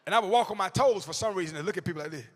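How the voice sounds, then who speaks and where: A man, telling comedic stories to educators in an animated way, with bursts of shouting and acted-out quotes. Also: high voice, very fast, big-room sound, a little hiss or hum. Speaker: motivational comedic speaker. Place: large hall before a live audience.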